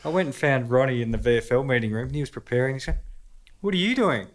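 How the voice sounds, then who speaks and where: A man with an Australian accent, a podcast guest telling lively anecdotes in casual conversation, laughing often. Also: medium pitch, very fast. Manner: animated anecdotes punctuated by laughter. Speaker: podcast guest, former footballer.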